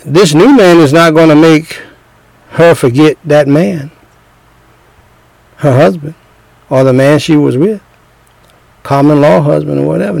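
Gravelly man preaching relationship advice. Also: fairly high pitch, a little slow, long pauses, darkish tone, dry recording, low-quality recording. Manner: emphatic, repetitive, acts out scenes. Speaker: speaker giving relationship advice.

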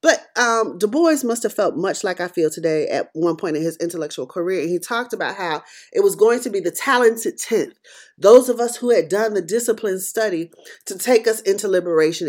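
Middle-aged woman podcaster, preacherly commentary that builds loud then drops quiet. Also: medium pitch. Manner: emphatic, preacherly, swings between loud and quiet. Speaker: podcast host. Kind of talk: impassioned commentary monologue.

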